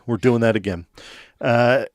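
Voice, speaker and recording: A man's voice: medium pitch, measured pace, no room sound. A man co-hosting a sports show, chatting casually and jokingly with lots of fillers. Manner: loose, joking, filler-heavy.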